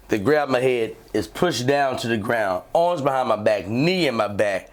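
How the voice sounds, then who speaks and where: Animated storytelling man, wildly lively pitch. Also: moderate pace, few pauses. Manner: acts out shouting cops and himself, swears a lot, lively. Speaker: podcast co-host telling a story. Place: podcast studio.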